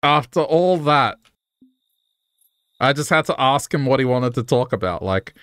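A man casually streaming a game, playful and jokey while pitching silly schemes. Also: takes it slowly, pauses often, a bit bright, clear, resonant tone, dry recording. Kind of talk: casual gaming stream chat.

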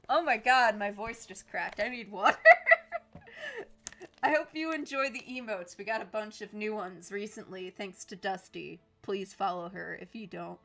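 Giggly young woman chatting on a game stream, slow talker, faint music under her. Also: medium pitch, fairly bright tone. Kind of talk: casual game stream chat.

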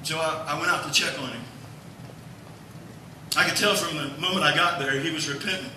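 Pastor guy telling a folksy story in a sermon, high-ish voice, heard from far back in a big echoey church. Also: fairly quick, bright, forceful tone, a little hiss or hum. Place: church sanctuary.

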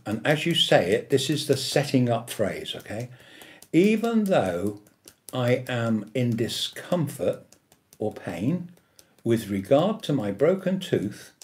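A man's voice: on the low side, darkish tone. A man teaching a tapping technique, speaking emphatically and often checking in with his listeners as he demonstrates repeated affirmations. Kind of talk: instructional demonstration.

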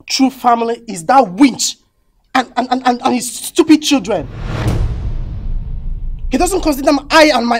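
A man's voice: extremely high pitch, slight background noise. A young man with a Nigerian accent playing a resentful son who feels disowned by his father, stammering as he pleads. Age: young adult. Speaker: grown son. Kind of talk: film drama acting.

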